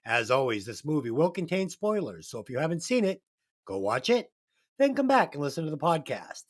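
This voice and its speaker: A man hosts a casual movie-review podcast, introducing segments and reading trivia in a loose, jokey way. He stumbles and restarts through his script, and his pitch rises and falls in a lively way. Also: fairly quick. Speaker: podcast host.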